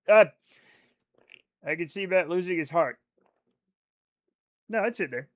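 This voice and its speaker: A man's voice: high-pitched, expressive, unhurried, pauses often, a bit bright. A man chatting casually on a live game stream, joking and rambling, with plenty of swearing. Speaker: livestreaming gamer.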